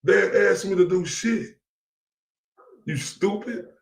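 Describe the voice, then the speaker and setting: A man's voice: sits high, slow pace, creaky, recorded from a distance, heavy background noise. Defiant, profane streamer man, echoey room. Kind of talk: live stream rant. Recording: echoey room, away from the mic.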